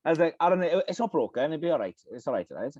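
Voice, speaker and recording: A man's voice: fairly high pitch, sing-song, racing, darkish tone, husky, no echo, muffled recording. A man co-hosting a podcast, telling a story in casual chat, stumbling over his words, repeating himself and laughing often. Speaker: podcast co-host.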